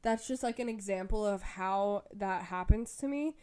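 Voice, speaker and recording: A woman's voice: mid-range voice, moderate pace, warm tone, clear, resonant tone. Chatty young woman podcast co-host. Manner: chatty, laughing storyteller. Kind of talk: casual chat.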